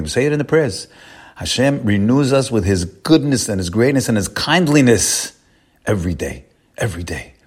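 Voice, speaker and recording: A man giving an inspirational sermon, addressing listeners as his friends, repeating phrases and swinging his voice up and down for emphasis. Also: breathy edge. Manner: lively swings in pitch and loudness for emphasis. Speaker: rabbi giving a short talk.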